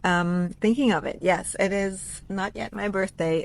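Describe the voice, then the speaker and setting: A woman's voice: mid-range voice, fairly even intonation, measured pace, creaky. A woman business coach hosting a casual live stream outdoors by a pool, effusively greeting viewers by name and swearing freely.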